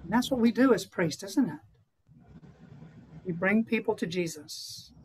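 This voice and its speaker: A man's voice: sits high, a little slow, slight background noise, rough recording. A man who is a priest, giving an earnest retreat conference to fellow priests and often putting rhetorical questions to them.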